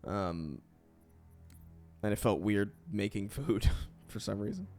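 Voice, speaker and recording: A young man chatting casually while gaming on stream, thinking out loud in a chatty way. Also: fairly low pitch, animated, slow, faint music behind.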